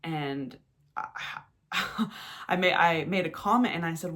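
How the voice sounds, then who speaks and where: A woman's voice: fairly low pitch, a little slow, fairly bright tone. A young adult woman hosting a podcast, talking in a blunt, candid monologue, swearing freely and often restarting her sentences. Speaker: podcast host.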